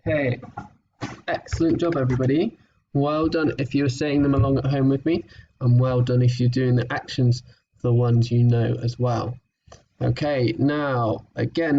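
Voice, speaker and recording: A man teaching a recorded phonics lesson to young children, encouraging and patient, sounding words out slowly. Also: mid-range voice, gravelly, warm tone, far from the mic, lo-fi sound, a little hiss or hum.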